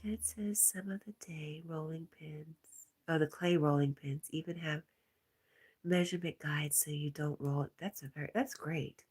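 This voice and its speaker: A woman hosting a livestream, reading out viewer comments in a casual, soft, often half-whispered way, with a stuffy nose. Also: low voice, fairly even intonation, moderate pace, slightly rough. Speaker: livestream host.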